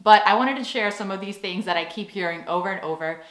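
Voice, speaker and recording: American woman vlogger, young adult, animated and playful, recorded in an echoey room. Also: mid-range voice, quick pace. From United States. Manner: animated, playful, acts out quoted phrases. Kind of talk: casual talking-head vlog.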